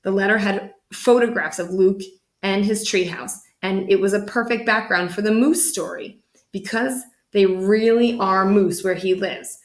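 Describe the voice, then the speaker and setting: Woman storyteller, animated picture-book reading with lively pitch leaps, mid-range voice. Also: reverberant. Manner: animated, voices the characters with big pitch jumps.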